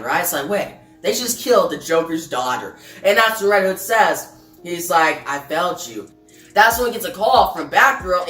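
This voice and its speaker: A woman's voice: on the low side, a bit bright. A woman casually reviewing a comic book, chatting loosely to her viewers in an easygoing way. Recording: roomy, distant mic, faint music.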